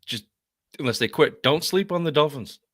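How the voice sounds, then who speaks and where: A man's voice: a little high, moderate pace, dry recording, studio quality. A man in his thirties with a Boston accent, co-hosting a casual sports podcast and joking profanely between stories. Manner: profane, joking, animated storytelling. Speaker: podcast co-host.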